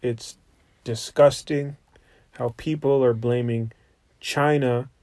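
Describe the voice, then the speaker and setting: A man's voice: mid-range voice, steady tone, slow, darkish tone, no room sound. A young adult man, a comedian hosting a podcast, bantering loosely, swearing freely and often restarting his sentences.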